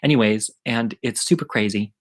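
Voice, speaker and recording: A man's voice: on the low side, moderate pace, low-quality recording. Chatty, rambling middle-aged male storyteller. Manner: chatty and rambling, with frank swearing. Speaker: storyteller hosting an online story hour. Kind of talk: casual live-streamed storytelling.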